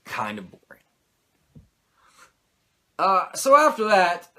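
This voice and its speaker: A man's voice: high voice, very animated, normal speed, bright, forceful tone. A male host giving a comedic, profane and sarcastic wrestling recap.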